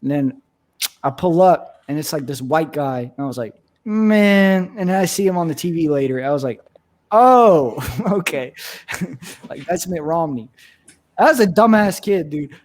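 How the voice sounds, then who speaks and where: A man's voice: on the high side, lively intonation, a little fast, darkish tone. Young man telling loose stories. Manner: swearing, laughing storyteller. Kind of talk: casual chat.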